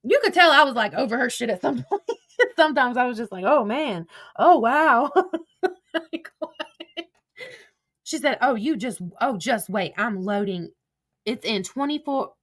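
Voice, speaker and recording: Going through online drama, a woman reads every text of a conversation aloud as "I said, she said," in a casual retelling for her vlog. Her voice is on the high side, expressive and a bit bright at a moderate pace, and she swears freely, sounding blunt and exasperated.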